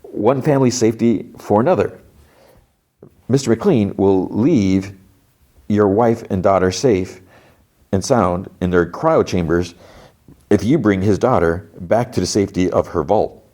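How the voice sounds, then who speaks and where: A man voicing a smooth-talking male salesman who is overly courteous and quietly menacing. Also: on the low side, a little slow. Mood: oily polite.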